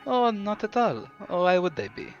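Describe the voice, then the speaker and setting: A man's voice: mid-range voice, very animated, slow, fairly bright tone, highs cut off, soft background music, voice pushed up, exaggerated voice. A man voicing an older androgynous rocker with a German accent, serene and mockingly polite.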